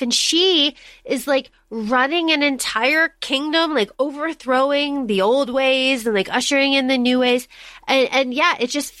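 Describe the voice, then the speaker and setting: A woman's voice: high-pitched, fairly bright tone, dry recording. A woman co-hosting a podcast, chatting casually about a book and often repeating words as she thinks. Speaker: podcast co-host.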